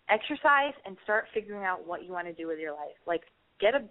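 A woman hosting a casual advice call, giving a rambling, profane, emphatic pep talk. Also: medium pitch. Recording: tinny phone-line sound.

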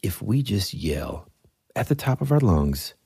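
A man casually telling a funny story, laughing often and acting out shouted lines. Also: on the low side, a little slow, vocal fry, breathy edge, dry recording, clean studio sound. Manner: animated, laughs often, acts out yells.

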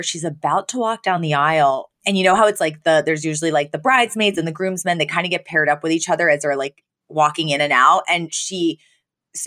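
A woman co-hosting a podcast, recapping a TV episode with animated storytelling and frequent laughs. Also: lowish voice. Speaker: podcast co-host. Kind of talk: casual TV recap chat.

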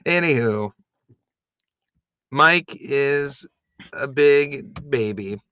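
A man co-hosts a casual podcast, trading quick jokes with his partner. His voice is bright and forward, at an ordinary pitch. The sound is dry, with no room in it. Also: lively intonation, clean tone, dry recording. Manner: jokey, quick banter with a co-host. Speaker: podcast co-host. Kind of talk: casual chat recapping a reality show.

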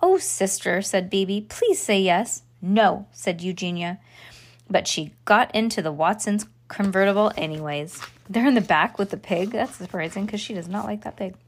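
A woman's voice: mid-range voice, normal speed. A woman hosting a children's podcast, reading a storybook aloud with playful character voices and chatty asides.

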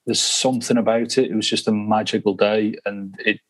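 A man with a fairly low voice co-hosts a casual football podcast. He talks through his memories in a relaxed way and laughs often as he tells them. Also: brisk, poor audio. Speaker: podcast co-host. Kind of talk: casual chat.

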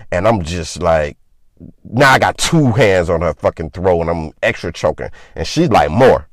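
Deep-voiced man telling a rough story. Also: no room sound. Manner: loose and profane, heavy on filler words. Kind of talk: casual personal storytelling.

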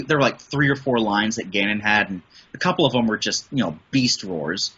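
A voice and audio producer from the American Midwest, middle-aged, talks casually on a podcast, enthusiastic and full of restarts. His lowish voice moves at normal speed with hardly any pauses, pushed and bright with a breathy edge, in lo-fi sound.

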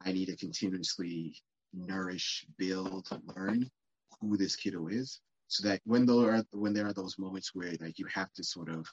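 A man's voice: low voice, moderate pace, breathy edge. A man hosting a podcast, talking in a casual, reflective way in short phrases. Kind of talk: casual conversation. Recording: muffled podcast audio.

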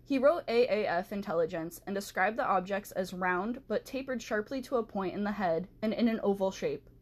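Chatty woman narrating a history podcast. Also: mid-range voice. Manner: chatty asides and self-corrections, laughs at herself. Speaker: podcast host. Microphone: handheld mic she has to hold still.

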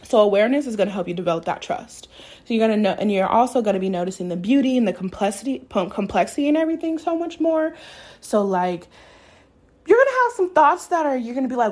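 A woman's voice: a little high, sing-song, brisk, a little mellow. A young woman hosting a casual spiritual podcast, talking candidly, swearing freely and laughing often. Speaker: podcast host.

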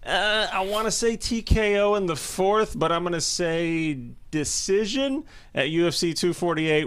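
A man co-hosting a podcast in a chatty, casual way, quick to laugh. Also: mid-range voice, fairly bright tone, clean tone. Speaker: podcast co-host.

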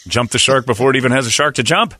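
A man hosting a show, bantering casually in a blunt, opinionated way and quick to complain. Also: medium pitch, sharp tone, dry recording, studio quality. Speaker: radio show host.

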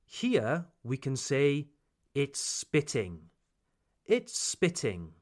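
A British man hosting a language lesson podcast, speaking slowly and emphatically like a teacher and drawing out example phrases. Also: medium pitch, wildly swooping pitch. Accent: British English. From Britain. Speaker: English teacher, podcast host.

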